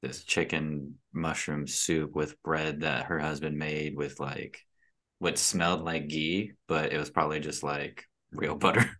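A man casually recounting a trip, relaxed and full of fillers. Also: a bass voice, a little slow. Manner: relaxed storytelling, many fillers. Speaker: podcast guest. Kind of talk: casual chat.

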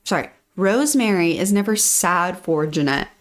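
A young woman co-hosting a casual book discussion, opinionated and quick to rant about the characters. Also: on the low side, animated. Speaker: podcast co-host.

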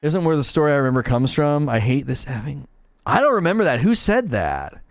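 Male streamer, casual chat, animated pitch, light music in the background. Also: a little fast, dry recording. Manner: chatty, reads chat aloud, animated swings in pitch. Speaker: game streamer.

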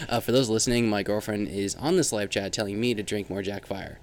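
A man's voice: fairly low pitch, brisk, hardly any pauses. A man co-hosting a casual livestream podcast, goofy and teasing his listeners. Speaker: podcast co-host.

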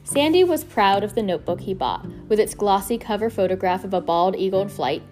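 Brief: woman narrator reading a chapter book aloud, steady pace, faint music under. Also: medium pitch, a little fast, hardly any pauses. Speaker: reader. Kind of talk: reading a children's novel aloud.

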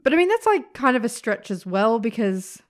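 A woman's voice: a little high, very animated, normal speed. A woman co-hosting a podcast, chatting casually, reading out quotes and swearing freely. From Australia. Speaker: podcast co-host. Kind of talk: casual chat.

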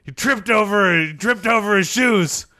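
A young man guesting in an improvised comedy interview, telling tall tales in an over-the-top, melodramatic way, often shouting. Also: high-pitched, unhurried.

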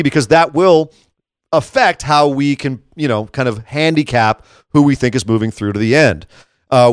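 Smooth-voiced man recapping wrestling. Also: mid-range voice, no echo, studio quality. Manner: chatty, animated recapping. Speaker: podcast co-host. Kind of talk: casual wrestling recap chat.

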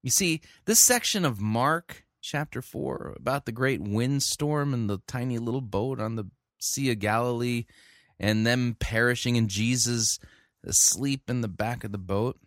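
A man giving critical commentary on a sermon, reading scripture passages and explaining them in a measured way. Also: mid-range voice, a bit bright, no room sound, studio quality.

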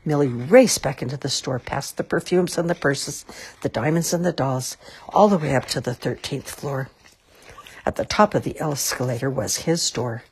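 A woman reading a children's storybook aloud in an expressive, lilting way. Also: very deep voice, moderate pace, a little hiss or hum.

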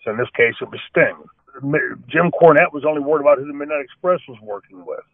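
A man's voice: on the high side, fast, no room sound. A man telling long wrestling stories in an interview, full of restarts and "you know.". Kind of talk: storytelling interview answers. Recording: dry, tinny phone-like line.

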